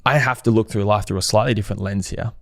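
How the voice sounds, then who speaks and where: Reflective man with a low voice, dry sound. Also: steady tone, fast talker, gravelly, dry recording. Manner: reflective and conversational, often asks rhetorical questions. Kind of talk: casual podcast conversation.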